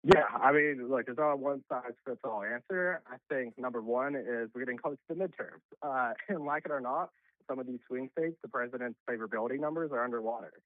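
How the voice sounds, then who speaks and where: A male political commentator calls in over a tinny, phone-like line. He talks quickly and emphatically, with plenty of filler words. The sound is dry and close. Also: medium pitch, no room sound. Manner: brisk, emphatic, frequent fillers.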